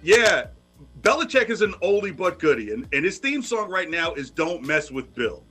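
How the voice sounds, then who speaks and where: Male co-host who cracks jokes, with a bright, fairly high voice. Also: very animated, moderate pace, slightly rough, faint music behind. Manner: joking, wisecracking banter. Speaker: sports show co-host. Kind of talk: casual sports talk.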